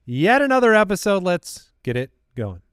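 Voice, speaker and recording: A man's voice: high voice, big pitch swings, moderate pace, over loud music. A man hosting a podcast in a casual, laid-back way, laughing easily as he reads listener questions. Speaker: podcast host. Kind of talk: casual chat.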